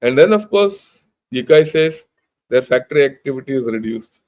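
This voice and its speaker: An expressive, slightly mellow mid-range voice belongs to an older man with an Indian accent, a retired general who hosts a channel. Speaking at normal speed, he reads the news and gives an informal talk that is blunt, emphatic and conversational, with many restarts.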